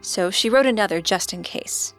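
A woman narrating a scripted true-crime story as podcast co-host, in a steady storytelling delivery. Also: mid-range voice, normal speed, soft background music.

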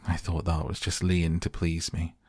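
A man's voice: sits low, little pitch movement, normal speed, a little mellow, no room sound, studio quality. A man voicing a proud, commanding sickly boy who gives orders. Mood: imperious. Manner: imperious, giving orders.

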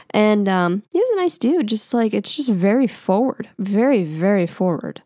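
A woman's voice: medium pitch, animated, moderate pace, few pauses, dark tone, no echo, studio quality. A young woman telling a personal story in a casual, chatty way, full of "like" and the odd swear word. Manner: chatty, filler-heavy with lots of "like", casual swearing.

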